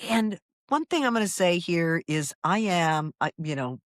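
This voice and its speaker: A woman's voice: fairly low pitch, expressive, unhurried, no echo, clean studio sound. A woman co-hosting a podcast, chatting casually, teasing her brother and laughing often. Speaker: podcast co-host. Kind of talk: casual chat.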